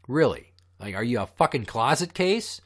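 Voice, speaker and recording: Speaking at a normal speed, a man with a medium-pitched, very animated, somewhat breathy voice hosts a podcast. He rants through his stories, heated and full of profanity.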